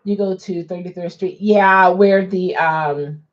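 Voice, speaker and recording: Speaking slowly in a lowish, steady voice, a woman from Baltimore chats on a live stream while working as a rideshare driver. She replies to comments from viewers and laughs frequently, and the audio has a dull, lo-fi quality.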